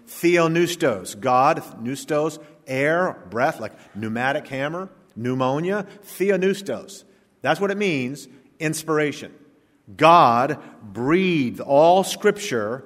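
Emphatic pastor preaching in a hall. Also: male voice, mid-range voice. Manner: emphatic, slows down to stress key words; swings from quiet to loud. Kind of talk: sermon.

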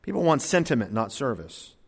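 A man's voice: medium pitch, very animated, fairly quick, husky. A man preaching a sermon, earnest, building emphatic lists. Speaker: pastor. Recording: long hall reverb.

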